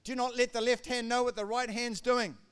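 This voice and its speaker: A man preaching a sermon as pastor, emphatic, swinging between loud declarations and quiet asides. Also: very high voice, little pitch movement, fairly quick, smooth.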